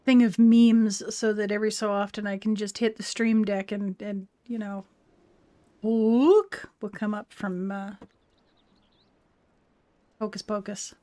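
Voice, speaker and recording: A woman's voice: mid-range voice, level tone, measured pace, long pauses, mellow. A tired woman streamer chatting casually and rambling in self-deprecating asides while she plays a video game. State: tired and yawning. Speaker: gaming livestreamer. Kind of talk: casual gameplay chat.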